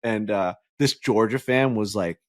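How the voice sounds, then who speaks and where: Animated young man telling stories. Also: on the low side, measured pace. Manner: animated storyteller, swears, acts out barking roars. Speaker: podcast co-host. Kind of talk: casual chat.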